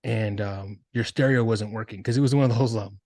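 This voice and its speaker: Relaxed man telling stories on a podcast. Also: lowish voice, brisk, no room sound, studio quality. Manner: relaxed storyteller, acts out quotes. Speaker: podcast host. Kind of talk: casual storytelling chat.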